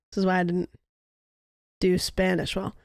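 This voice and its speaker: Smooth-voiced young woman streamer rambling. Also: on the low side, monotone, measured pace, darkish tone, dry recording, clean studio sound. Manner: rambling and musing, heavy on "like". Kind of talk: casual livestream chat.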